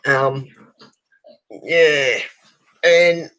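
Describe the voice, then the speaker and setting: A woman's voice: low voice, measured pace, poor audio. Rambling Australian woman chatting while colouring. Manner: rambling animated storyteller, swears casually. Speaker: colouring channel host. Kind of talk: casual chat while colouring.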